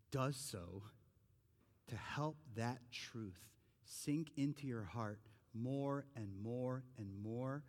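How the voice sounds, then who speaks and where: A middle-aged male pastor preaches with a conversational, earnest delivery, climbing to emphatic peaks on key phrases. His voice sits at an ordinary middle pitch. The sound carries the long reverb of a large church hall. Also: darkish tone. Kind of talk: sermon.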